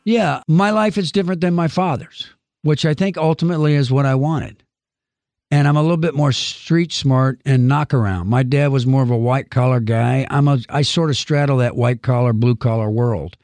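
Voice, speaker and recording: A man, an actor guest on a podcast, talking warmly and reflectively about his family. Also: mid-range voice, steady tone, moderate pace, no echo. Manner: warm, affectionate, reflective. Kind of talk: interview answers.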